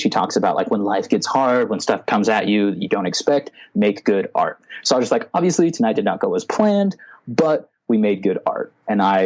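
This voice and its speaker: A man's voice: fairly low pitch, darkish tone. A young man telling a story in a rambling, casual way as a podcast guest, with lots of filler words.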